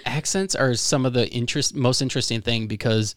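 A man's voice: medium pitch, fairly quick, no room sound. Casual male podcast host, dry studio sound. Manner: relaxed, rambling, heavy on filler words. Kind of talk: casual interview chat.

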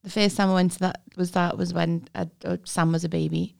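A middle-aged woman with a Scouse accent, co-hosting a casual comedic chat and telling stories with lively impressions. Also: fairly low pitch, brisk, creaky. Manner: storytelling, mimics people, swears. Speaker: podcast co-host.

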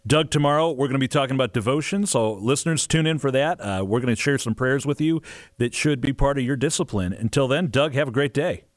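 A man's voice: mid-range voice, fast, dry recording. Man, radio host, mid-range voice, chatty, dry studio sound. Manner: upbeat and chatty. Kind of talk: casual radio hosting.

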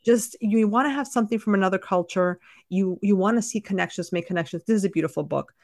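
A woman's voice: medium pitch, fast talker, a little mellow, no room sound, studio quality. A woman co-hosting a podcast, chatting casually and emphatically about a book. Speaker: podcast co-host.

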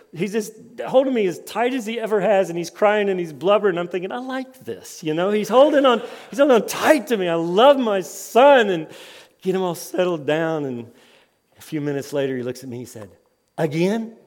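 Storytelling preacher in a reverberant hall. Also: male voice, high-pitched. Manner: lively storytelling, voice rising and dropping with the tale. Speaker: conference speaker. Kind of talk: sermon with personal stories.

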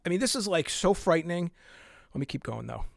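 A man's voice: sits high, expressive, fairly quick, vocal fry, no echo, studio quality. A man hosting a podcast, delivering a heated, exasperated solo rant with sighs and muttered asides. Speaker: podcast host.

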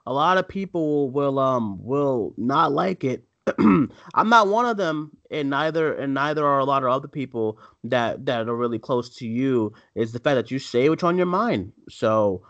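A man's voice: mid-range voice, lively intonation, normal speed, fairly bright tone, no echo. A man co-hosting a live film podcast, chatting casually and rambling with many fillers and restarts. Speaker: podcast co-host. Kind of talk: casual live-show chat. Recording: dry, dull lo-fi sound.

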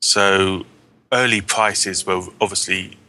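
A man's voice: sits low, steady tone, slow, pushed and bright, slight background noise. A man hosting a casual gaming podcast, rambling and correcting himself with a wry tone. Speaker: podcast host.

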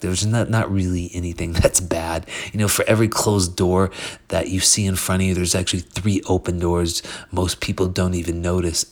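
A man hosting a podcast, telling a personal story in an earnest, motivational way, with frequent restarts and fillers. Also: low-pitched. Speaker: podcast host. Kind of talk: casual monologue.

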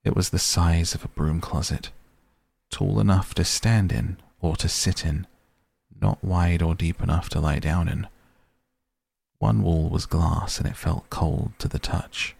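Male audiobook narrator, low and gravelly, unhurried grave delivery. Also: steady tone, a little mellow, no room sound. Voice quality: deep, gravelly, husky voice. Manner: slow, grave, measured reading.

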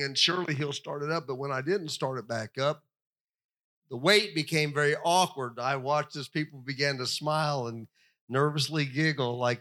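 An older man preaching a sermon, animated and storytelling, acting out the voices he quotes. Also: a little high, moderate pace. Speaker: pastor.

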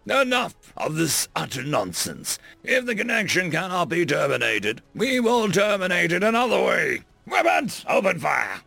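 A man doing a stern starship captain who barks his orders. The voice rides high and lively, with a gravelly grain, and often rises to a shout. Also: normal speed, few pauses, no echo, soft background music, heavily acted. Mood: commanding.

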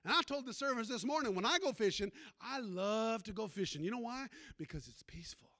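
A man's voice: very high-pitched, lively intonation, brisk, pushed and bright. A man who is a pastor, preaching a sermon in a folksy storytelling way and calling out to the congregation.

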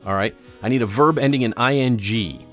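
A man's voice: medium pitch, brisk, soft background music. A man co-hosting a podcast, teasing and playful, laughing often as he runs a word game. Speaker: podcast co-host. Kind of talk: casual chat and mock-sultry reading.

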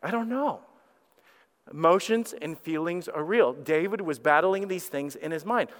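Pastor guy preaching real candid, kinda high voice, echoey church hall. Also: moderate pace. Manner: candid and conversational, with frequent restarts. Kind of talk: sermon. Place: church sanctuary.

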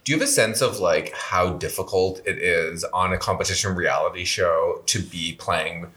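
A man's voice: low voice, moderate pace, pushed and bright, roomy sound. A man co-hosting a casual chat, talking in a hesitant, filler-heavy way with dry remarks. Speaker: podcast co-host.

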